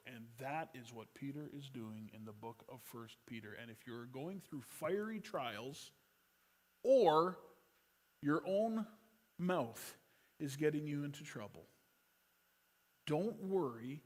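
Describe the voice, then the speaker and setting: A middle-aged man preaching a sermon as pastor, telling stories that swing from loud urgency to a quiet hush. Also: mid-range voice, a little slow.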